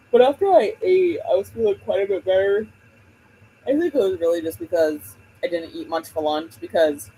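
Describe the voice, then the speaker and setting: A woman's voice: medium pitch, darkish tone, slight background noise, poor audio. A woman hosting a book livestream, chatting casually and rambling while she greets viewers by name.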